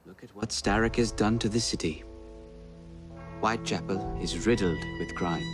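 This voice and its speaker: A man voicing a deep, grave game hero over strings. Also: normal speed, natural voice. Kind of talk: game cutscene dialogue. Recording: game audio with violin music.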